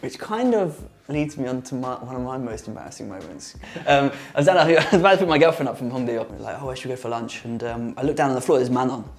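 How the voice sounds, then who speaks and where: British guy telling a funny story, lively, laughs along, plain mid voice. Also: medium pitch, fast talker, few pauses. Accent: British English. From Britain. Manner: animated storyteller, laughs through anecdotes. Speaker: co-host. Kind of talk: casual storytelling chat. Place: office.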